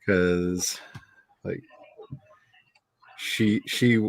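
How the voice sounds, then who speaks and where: An author and stream host speaks in a low voice at an extremely slow pace. Hosting a casual writing livestream, he tells animated stories with frequent laughter, becoming tender and emotional while reminiscing.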